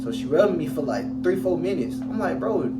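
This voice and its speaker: A man's voice: a little high, fairly quick. Slangy young man telling a story. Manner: slangy, animated, acts out quoted voices. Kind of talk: casual storytime. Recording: loud background music.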